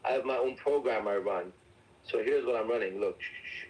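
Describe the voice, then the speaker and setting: A man's voice: mid-range voice, a little fast, darkish tone, low-quality recording. A man hosting a livestream, talking brashly and swearing. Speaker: show host. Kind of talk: casual livestream chat.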